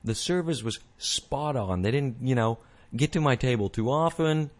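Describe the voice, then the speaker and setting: A man in the middle of his own show, rambling through a casual monologue with restarts and mocking put-on voices. His pitch is ordinary for a man, not especially high or low. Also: expressive, normal speed. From United States. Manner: rambling, many restarts and fillers, mock voices. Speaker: podcast host.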